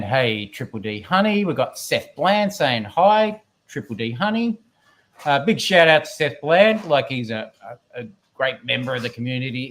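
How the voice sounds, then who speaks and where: Aussie guy rambling thru a livestream, reading the chat out, jokey about himself. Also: mid-range voice. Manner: rambling, self-deprecating, reads chat aloud. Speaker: guest co-host of a live stream. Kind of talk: casual live-stream chat. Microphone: computer microphone.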